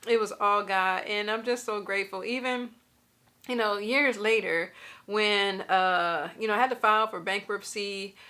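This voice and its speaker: Woman vlogger, mid-range pitch, bright tense tone, animated storytelling addressed to the viewer. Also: normal speed. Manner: lively storytelling, talks straight to viewers; laughs through her stories. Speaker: faith and finance vlogger. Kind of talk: casual personal testimony.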